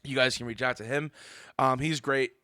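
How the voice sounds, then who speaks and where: A male podcast host whose voice has gone hoarse and breathless from a long laughing fit. He talks loosely and warmly to his listeners, gushing between sponsor shout-outs. The sound is close and dry, with no room echo. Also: mid-range voice, fairly even intonation, moderate pace. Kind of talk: casual chat.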